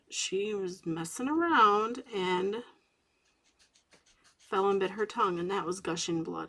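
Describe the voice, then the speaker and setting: Husky, gravelly-voiced mom chatting softly. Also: female voice, medium pitch, lively intonation, unhurried. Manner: soft-spoken, drifting into whispers at times. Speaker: coloring channel host. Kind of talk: relaxed late-night chat while coloring.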